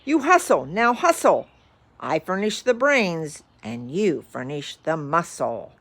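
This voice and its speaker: A woman's voice: lowish voice, very animated, slow pace, full character voice. A woman voicing a bossy, scheming male bug who snaps commands and gloats.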